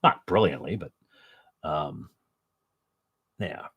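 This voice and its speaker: Deep-voiced man chatting while painting. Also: slow, gravelly, a bit bright, husky. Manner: rambling and self-mocking, jokey asides. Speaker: miniature painter and channel host. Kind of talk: casual chat while painting. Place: at home.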